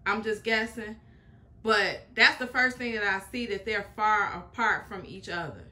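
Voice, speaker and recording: A woman talks through a reaction video in a casual, chatty way, stressing and restating each point. Her voice is bright and a little sharp, and her pitch sits in a middle range. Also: normal speed. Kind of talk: casual commentary.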